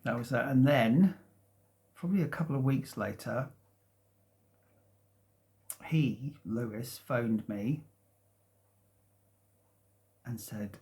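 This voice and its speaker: A man in his fifties, rambling casually at home about his past, hesitant and meandering with many restarts and soft chuckles. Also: mid-range voice, slow, pauses often. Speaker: vlogger. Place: at home, sitting in a sunlit room.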